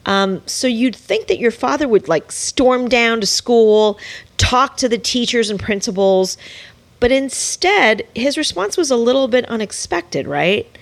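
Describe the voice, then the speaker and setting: Woman, podcast host, animated pitch, probing interviewer. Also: a little slow. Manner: engaged, probing questions.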